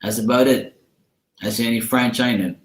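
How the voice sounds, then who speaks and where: A man's voice: mid-range voice, fairly even intonation, normal speed. Slangy Bermudian man in an echoey room. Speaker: livestream host. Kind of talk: casual livestream chat.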